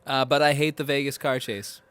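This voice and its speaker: Casting: male podcast co-host, smooth clear voice, dry close sound, rambling and chatty. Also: medium pitch, fairly even intonation, a little fast, a bit bright, no echo. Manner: rambling, thinks aloud with restarts. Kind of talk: casual film discussion.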